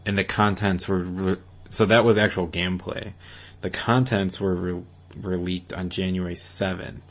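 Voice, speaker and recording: A young man with a low, deep voice co-hosting a gaming chat show. He talks in a loose, rambling way, circling back on himself and dropping casual swears as he goes. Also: steady tone, normal speed. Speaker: podcast co-host.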